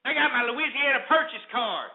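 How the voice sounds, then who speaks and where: Drawling lazy braggart, as a man puts him on; high, phone-thin. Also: lively intonation, fairly quick, phone-quality sound. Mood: boastful. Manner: drawling, boastful, mocking. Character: lazy man bragging about living on benefits.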